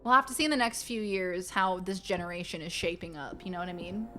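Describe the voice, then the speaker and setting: Playful woman streamer with a bright voice. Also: lowish voice, fast talker, a little hiss or hum. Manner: playful, drops into silly voices and giggles. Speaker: game streamer. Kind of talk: casual live-stream chat.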